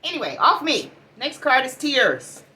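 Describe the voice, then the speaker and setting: A middle-aged woman giving a casual spiritual oracle card reading, talking in a preachy way and swinging between loud bursts and hushed asides. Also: sits high, big pitch swings, measured pace.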